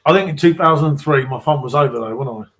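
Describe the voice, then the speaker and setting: A middle-aged man with a London accent chats casually over beers, teasing his family and reading comments aloud. His voice sits a little high for a man. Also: fast, fairly bright tone. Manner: jokey banter, reads viewer comments aloud. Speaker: beer channel host. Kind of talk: casual chat over drinks.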